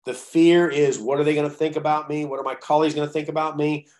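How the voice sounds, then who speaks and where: A man coaching chiropractors in a blunt, profane, animated way, telling stories. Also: a little high, quick pace. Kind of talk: profane coaching talk on a call.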